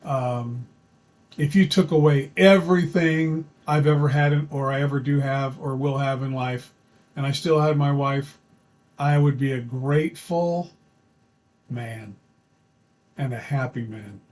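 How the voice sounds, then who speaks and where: A man's voice: medium pitch, a little slow, a little mellow, a little hiss or hum. A middle-aged man telling a personal story in an earnest, folksy way, repeating phrases for emphasis as he gives dating advice.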